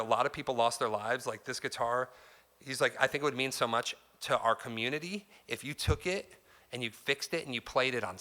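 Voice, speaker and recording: A man talks to a live crowd at a music store clinic, loose and chatty as he acts out the people in his story. His voice sits at an everyday pitch for a man. It has a bright, forceful edge. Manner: chatty and loose, heavy on "like" and "dude", acts out quotes. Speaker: guest guitarist giving a store clinic. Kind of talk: casual storytelling to a live audience.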